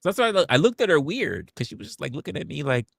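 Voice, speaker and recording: A young man on a livestream, telling a story to his viewers in a casual, profane, animated way and acting out quotes. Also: on the high side, rapid-fire, vocal fry, husky, no echo, studio quality. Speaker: livestream host.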